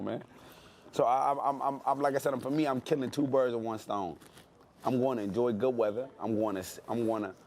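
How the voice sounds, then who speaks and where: A man's voice: mid-range voice, darkish tone, a little hiss or hum. A man, a professional boxer talking brashly in an interview, boasting and repeating his phrases for effect. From Detroit, USA. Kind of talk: animated interview talk.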